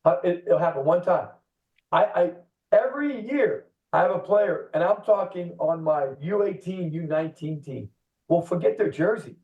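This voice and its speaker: Brief: middle-aged male youth soccer coach, lively storyteller, higher voice, tinny phone line, distant from mic. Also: normal speed, reverberant. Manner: animated storyteller who laughs and acts out kids and parents. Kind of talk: casual podcast chat.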